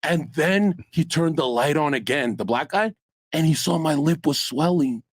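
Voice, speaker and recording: Husky loud-mouthed young man. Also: fairly high pitch, expressive, moderate pace. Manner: loud, profane, laughing storyteller. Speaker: panel guest. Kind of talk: crude storytelling on a panel stream.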